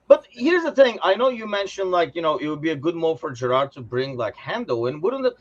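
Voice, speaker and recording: A man's voice: on the high side, fairly quick, over a noisy crowd. Rambling man on lo-fi audio. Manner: rambling, animated, laughs often. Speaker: podcast co-host. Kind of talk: casual football chat.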